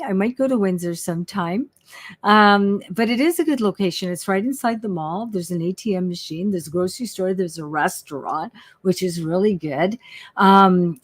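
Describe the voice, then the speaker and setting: Excited psychic woman, dry close sound. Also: medium pitch, no echo. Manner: bubbly and excitable, repeats herself. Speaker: psychic medium hosting a live reading stream. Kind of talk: casual live-stream chat.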